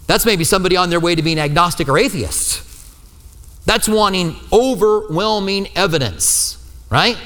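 A male pastor preaching a sermon, telling the story lively and acting out the quoted lines with humor. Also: medium pitch, long reverb tail.

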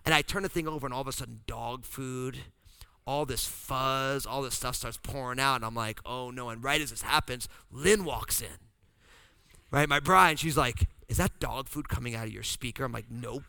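Gravelly-voiced bright storytelling pastor. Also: male voice, mid-range voice, moderate pace, dry recording. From New Jersey. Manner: animated, acts out voices in his story. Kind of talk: storytelling sermon.

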